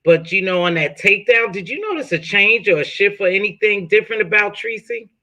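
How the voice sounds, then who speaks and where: A woman's voice: mid-range voice, animated, a little fast, bright, forceful tone. A woman hosting a casual live-stream chat, asking a guest probing questions in a friendly way. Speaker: host interviewing a chat guest.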